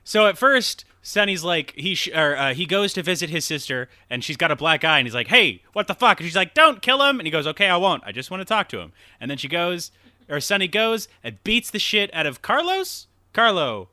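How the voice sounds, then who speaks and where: A man with a rather high, animated voice hosts a casual podcast and talks through a movie plot in a loose, profane ramble. His tone is very bright and the sound is dry and close. He laughs at his own memory lapses. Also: a little fast, no room sound. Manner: rambling, profane, laughs at himself, acts out quotes. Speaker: podcast host. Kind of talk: casual movie recap chat.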